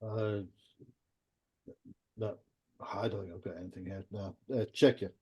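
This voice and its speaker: A man's voice: lowish voice, fairly even intonation, measured pace, darkish tone, husky, dull audio. A man competing as a quiz contestant, thinking aloud casually with hesitant, repeated words.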